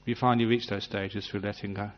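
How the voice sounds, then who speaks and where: A man giving a gentle, humorous meditation talk, acting out little scenes as he teaches. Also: on the low side, level tone, fast talker. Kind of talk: dharma talk. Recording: dull lo-fi recording.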